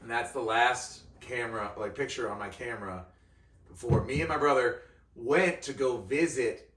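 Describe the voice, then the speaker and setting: A young man chatting casually as a podcast guest, telling animated stories and laughing. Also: mid-range voice, normal speed, distant mic, a little hiss or hum. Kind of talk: casual storytelling chat. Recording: roomy, off-mic sound.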